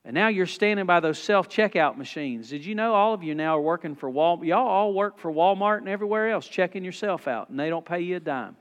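A man's voice: high voice, expressive, brisk, few pauses, clean tone, lo-fi sound. A man preaching a sermon in a church, folksy and emphatic. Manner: folksy, emphatic, rising to loud exhortation. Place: church sanctuary. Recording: long church reverb.

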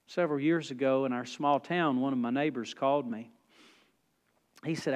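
A man preaching a sermon, folksy in his storytelling, dropping to a hush and then rising loud. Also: mid-range voice, normal speed, pauses often, in a large hall. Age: 40s. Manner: folksy, swings from hushed to loud. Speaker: pastor.

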